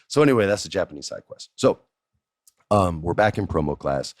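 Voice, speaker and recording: Deep-voiced guy telling a story on his podcast, swears a lot, voice jumps way up when hyped. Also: a little fast, no room sound, clean studio sound. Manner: animated, profane, swings to high pitch for emphasis. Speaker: podcast host. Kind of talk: casual storytelling.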